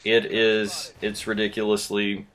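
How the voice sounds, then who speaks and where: A man's voice: on the low side, completely flat delivery, a little slow, fairly bright tone. A man in his twenties with a Southern US accent, rambling through a casual story to camera. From Southern United States. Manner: rambling, easygoing, self-deprecating. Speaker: YouTuber.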